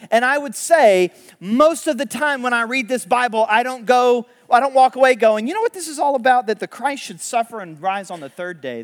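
A man preaching a sermon, retelling a story in a casual, animated way with laughs and quick asides. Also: extremely high pitch, long reverb tail. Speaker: pastor.

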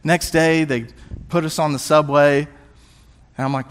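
A male youth pastor and worship leader shares a personal testimony during a sermon, animated and poking fun at himself, often restarting quickly. His voice sits on the high side, clear and resonant.

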